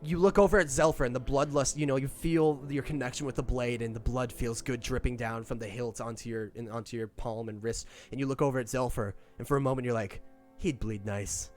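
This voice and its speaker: A man narrating a tabletop role-playing game as game master, lively and loose, with casual swearing. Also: mid-range voice, brisk, hardly any pauses, soft background music.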